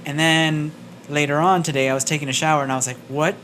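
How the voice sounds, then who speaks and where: A man co-hosting a podcast, telling stories casually in a small studio, animated and swearing, acting out what people said. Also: fairly high pitch, quick pace, slight background noise. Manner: animated storyteller, swears, acts out quotes. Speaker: podcast co-host. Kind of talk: casual chat.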